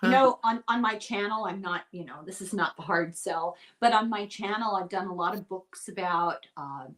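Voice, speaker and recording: Woman born in Ireland, casual chat, animated storyteller, middle pitch. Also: moderate pace. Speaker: guest storyteller. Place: rural United States.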